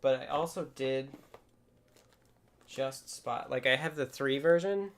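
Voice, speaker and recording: Taking it slowly, a livestream host with a medium-pitched voice talks from his home workspace. He keeps it casual, thinking out loud and walking through things step by step.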